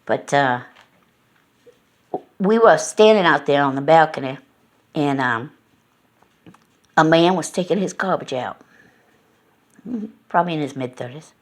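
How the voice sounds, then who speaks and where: A woman's voice: low voice, expressive, a little slow, long pauses. A middle-aged woman vlogging from home, telling a folksy, meandering story full of fillers. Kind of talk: casual rambling storytelling.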